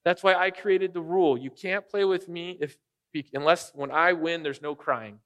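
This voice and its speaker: At a moderate pace and with a fairly high, slightly bright voice, a pastor and dad of young kids preaches casually. He cracks jokes and repeatedly poses questions to his congregation.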